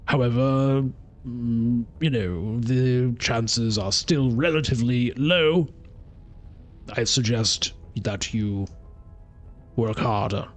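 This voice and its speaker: A man's voice: medium pitch, slow pace, pitched below the performer's own voice, lightly acted. A man voicing a prim, formal butler-like adviser who speaks stiffly and calls the player sir. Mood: dry.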